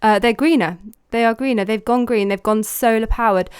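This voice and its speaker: A woman who is a broadcast journalist, chatting on a media podcast with warm, hesitant fillers. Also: fairly high pitch, brisk, smooth. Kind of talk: casual media discussion.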